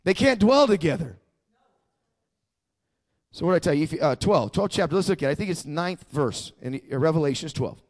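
Male pastor with a high voice, emphatic sermon delivery, call-and-response. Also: lively intonation, fairly quick.

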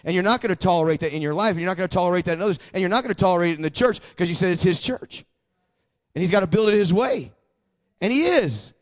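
High-voiced man preaching. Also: quick pace. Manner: conversational testimony, swelling into fervent emphasis; frequent stammered restarts. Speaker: pastor. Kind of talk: sermon.

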